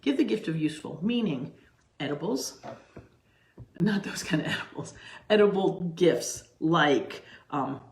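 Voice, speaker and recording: A woman's voice: deep voice, lively intonation, measured pace, a little hiss or hum. A middle-aged woman hosting her own cooking channel, chatting casually to camera from her home kitchen and rambling through asides and restarts. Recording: roomy, echoey kitchen sound.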